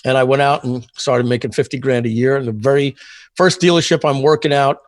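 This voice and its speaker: A man in his fifties, a guest telling long stories in a casual interview, rambling with many fillers and frequent throat-clearing. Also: medium pitch, fairly even intonation, fairly quick, no echo. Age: 50s. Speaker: guest, software entrepreneur.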